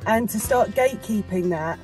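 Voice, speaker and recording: A woman's voice: mid-range voice, normal speed, music in the background. A woman vlogging about vanlife, earnest and questioning as she talks through a problem. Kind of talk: casual chat to camera.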